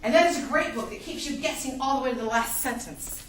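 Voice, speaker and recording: Female college lecturer, high and animated, acts out reader reactions, recorded from afar in a reverberant classroom. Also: quick pace, a little hiss or hum. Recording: echoey classroom, mic far off.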